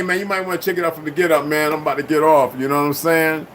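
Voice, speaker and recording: A man's voice: on the high side, steady tone, rapid-fire, few pauses, a bit bright, slight background noise. A man hosting his own channel, talking in a casual, rambling livestream monologue full of profanity and confrontation. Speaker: channel host.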